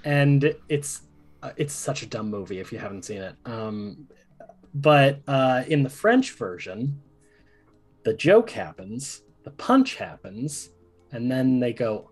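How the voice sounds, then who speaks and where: A man's voice: mid-range voice, expressive, moderate pace. A man with an ordinary mid-range voice tells a meandering, amused story in a casual stream conversation. He chuckles now and then as he talks. Faint music plays behind him. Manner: rambling, amused anecdote, chuckles while talking. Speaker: tabletop game player.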